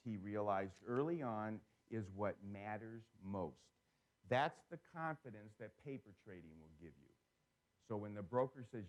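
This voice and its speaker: A man speaks at a live seminar with a voice in the middle range for a man. He tells stories with plenty of animation and keeps turning to the audience with questions. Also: mid-range voice.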